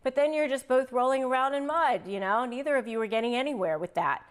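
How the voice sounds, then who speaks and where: A woman's voice: sits high, fast talker. A woman hosting an advice video, speaking straight to the viewer and acting out sample replies in quotes. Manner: animated, acts out sample lines in quotes. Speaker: family law attorney and video host. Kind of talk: direct-to-camera advice talk.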